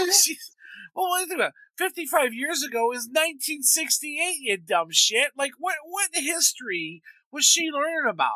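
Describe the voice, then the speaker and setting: A man's voice: extremely high pitch, very animated, moderate pace, bright, forceful tone, dry recording. A middle-aged man co-hosting a casual podcast chat, blunt and profane, often laughing. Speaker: podcast co-host.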